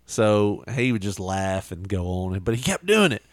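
A man's voice: on the low side, big pitch swings, moderate pace, no echo, studio quality. A man co-hosting a podcast, telling jokes in a loose, casual way and swearing freely. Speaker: podcast co-host. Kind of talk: casual chat, joke telling.

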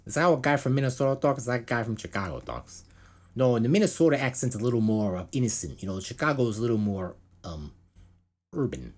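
A man's voice: mid-range voice, expressive, fast talker, husky. A man co-hosting a podcast in casual chat, rambling with lots of fillers and restarts. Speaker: podcast co-host.

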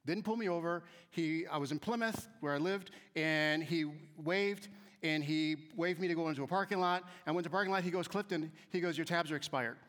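A man giving a humorous storytelling talk to an audience, acting out the voices of people in his stories and swinging between quiet asides and loud emphasis. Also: a little high, fairly quick. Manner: animated, acts out quoted voices, shifts between soft asides and loud emphasis. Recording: long hall reverb.

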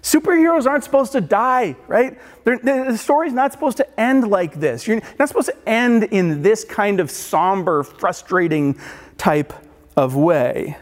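A man with a high voice delivers a relaxed, conversational sermon, stumbling over restarts and tossing in "like" and "right". His voice carries a long reverb, as if from a large hall. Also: unhurried. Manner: casual, rambling with many restarts and filler words. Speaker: preacher.

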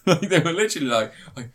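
A man's voice: on the high side, a bit bright. A man hosting a podcast, tired and yawning, rambling through a film review with lots of fillers, restarts and swearing. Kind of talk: casual chat.

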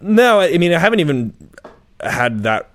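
Rambling through a casual chat about his dating life, a young podcast co-host keeps restarting sentences and leaning on fillers. His voice is slightly high and sing-song, moving at a moderate pace.

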